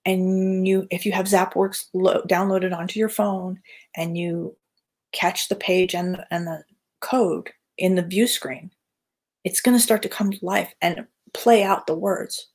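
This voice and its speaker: A woman's voice: on the low side, steady tone, measured pace, darkish tone, slightly rough. A woman artist casually chatting on a livestream, rambling with lots of fillers and restarts. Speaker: artist hosting a live chat.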